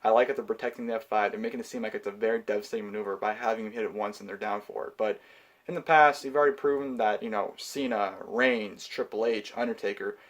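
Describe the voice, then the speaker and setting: A man giving a casual, heated review of a wrestling show, swearing often and filling pauses with ums. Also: on the low side. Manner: profane, heated ranting; frequent filler words and restarts. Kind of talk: casual pay-per-view review.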